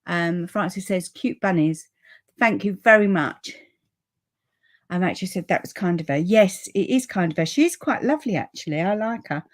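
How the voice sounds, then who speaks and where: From an upstairs room at home, a woman hosts a live papercraft demonstration, her low-ish voice lively in intonation and at a normal speed. She chats and rambles in friendly asides while reading out viewer comments.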